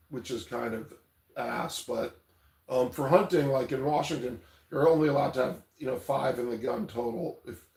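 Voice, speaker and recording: A man's voice: mid-range voice, creaky, a little mellow. A man hosting a casual livestream, rambling loosely, reading chat aloud and swearing casually. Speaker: livestream host. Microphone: tablet mic. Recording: echoey room.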